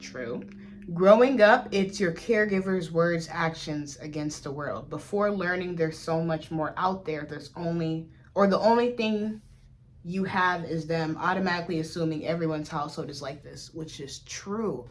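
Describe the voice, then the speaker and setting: A young adult woman from Africa talking candidly in a casual vlog, blunt and profane, jumping from loud outbursts to low mutters. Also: normal speed. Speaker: vlogger.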